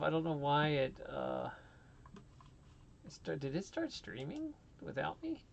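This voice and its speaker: Gravelly man chatting on a live stream. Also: a little high, animated, unhurried, darkish tone, muffled recording. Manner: rambling, easily flustered, laughs at himself. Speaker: livestream host. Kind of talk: casual live-stream chat.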